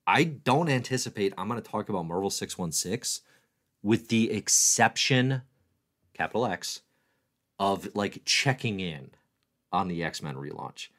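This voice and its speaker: Man, deep voice, very animated, livestream host, casual, playful, self-mocking. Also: unhurried. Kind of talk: casual live commentary answering chat.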